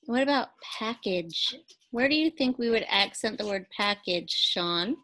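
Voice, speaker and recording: A woman teacher giving a recorded phonics lesson to second graders, speaking slowly and clearly and pausing for imagined answers. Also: mid-range voice, animated, sharp tone, poor audio. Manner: slow, clearly enunciated teacher talk with pauses for imagined answers.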